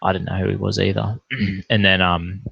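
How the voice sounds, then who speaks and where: Man, husky voice, casual swearing storyteller, dry dull recording. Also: sits low, moderate pace, no room sound. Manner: profane, animated anecdote teller. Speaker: pastor.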